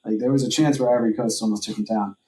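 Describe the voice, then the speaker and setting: A man's voice: fairly low pitch, fairly even intonation, very fast, a little mellow, slight background noise. A man co-hosting a podcast in casual chat. He rambles with heavy filler words and swearing. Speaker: podcast co-host. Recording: echoey room.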